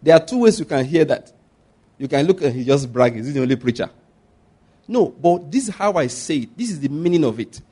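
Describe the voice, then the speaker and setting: A middle-aged man with a Nigerian accent preaching a sermon as a pastor, animated and laughing at his own stories. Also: a little high, fairly quick, husky.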